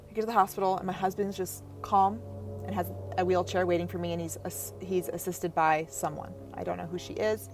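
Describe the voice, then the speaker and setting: A young adult woman, a podcast guest, telling a painful personal story in a halting way, often breaking off and dropping her voice low. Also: little pitch movement, darkish tone, faint music behind. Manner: halting, breaks off and restarts, voice drops to near whisper at times.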